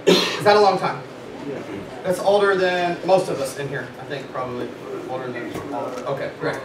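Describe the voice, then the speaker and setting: High-voiced man leading a sales meeting. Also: moderate pace, pauses often. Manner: animated, quizzes the audience. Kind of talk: motivational talk to a live audience. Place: meeting room with audience. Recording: echoey room, far from mic, noisy.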